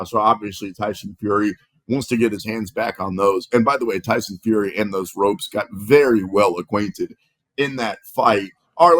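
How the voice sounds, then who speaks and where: Dude running a fight sports show, quick topic changes, plain middle voice, no room sound. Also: male voice, medium pitch, fairly bright tone, dry recording. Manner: brisk, steers the topics. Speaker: sports podcast host. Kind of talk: casual sports talk.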